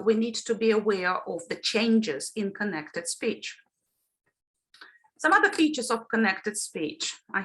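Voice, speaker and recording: Lively teacher with a bright voice. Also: female voice, a little high. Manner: explains patiently, often checks in with "yeah?" and "right?". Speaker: teacher trainer. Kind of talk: online phonology lesson. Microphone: video call.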